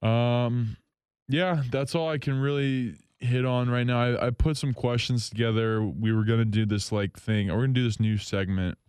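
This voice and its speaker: A man hosting a solo hockey talk show from a station studio, rambling, excitable and jokingly bitter. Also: medium pitch, moderate pace, clean tone, no room sound. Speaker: hockey podcast host.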